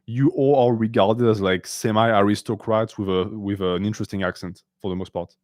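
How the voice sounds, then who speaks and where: A man's voice: on the low side, fairly even intonation, moderate pace, a little mellow, no echo, clean studio sound. Blunt, sarcastic male stream host. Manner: blunt, sarcastic, switches between English and French. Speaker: host answering viewer questions. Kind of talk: casual live-stream Q&A.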